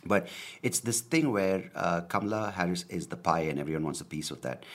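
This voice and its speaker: Comedian-host type: a man with a very low, deep voice doing a loose solo podcast rant, sweary and self-mocking. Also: animated, fairly quick. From India. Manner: rambling, profane, joking, self-deprecating. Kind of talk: casual solo podcast monologue.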